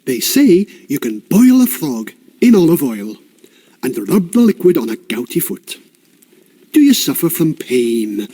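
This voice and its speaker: Guy doing a rambly old wise woman, folksy, bouncy high voice. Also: sing-song, measured pace, warm tone, husky, exaggerated voice. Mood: chatty. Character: old village wise woman, chatty and homely.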